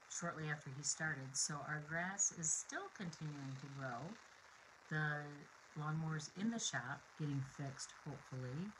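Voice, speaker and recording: A woman's voice: deep voice, noisy background. A middle-aged woman hosting a card-making live stream from her home craft room, chatting with viewers in a bubbly, rambling way with many fillers.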